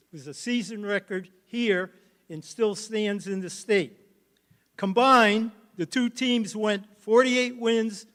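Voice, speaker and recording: An older man, a former coach, giving a halting, emotional speech at a hall of fame induction ceremony. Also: high-pitched.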